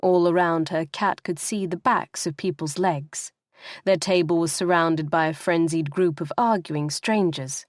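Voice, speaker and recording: Woman narrating a novel, lowish voice, super dry close mic. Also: a little slow, no room sound. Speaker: audiobook narrator. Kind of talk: scripted narration.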